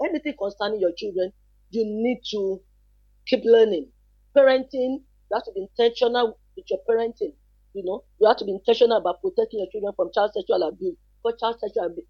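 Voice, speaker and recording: Husky advocate, emphatic. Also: mid-range voice, no echo, muffled recording. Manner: emphatic, repeats key points, asks rhetorical questions. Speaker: child protection advocate, guest. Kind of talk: earnest advice on a talk show.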